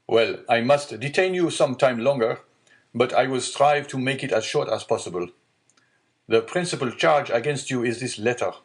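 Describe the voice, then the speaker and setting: A man's voice: medium pitch, normal speed, pitched above the performer's own voice, close to an everyday voice. A man voicing a stern male deputy prosecutor in an audiobook, stiff and formal, giving orders. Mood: commanding.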